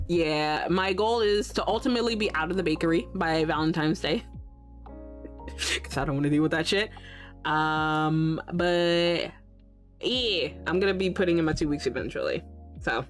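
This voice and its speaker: A young woman streamer ranting in casual stream chat. She swears constantly, laughs often, and acts out her own exasperated reactions. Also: lowish voice. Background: faint background music.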